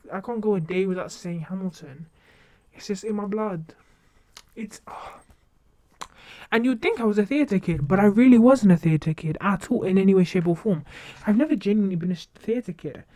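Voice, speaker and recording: A young woman streamer chats casually on a livestream in a medium-pitched, dark-toned voice. She rambles along, interrupting herself and restarting sentences often.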